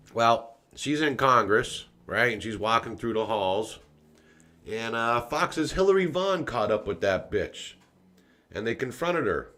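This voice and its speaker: A man hosting a political commentary podcast, swearing freely and ranting with loud outbursts, in a casual, folksy way of talking straight to his viewers. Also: mid-range voice, animated, a little slow. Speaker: podcast host.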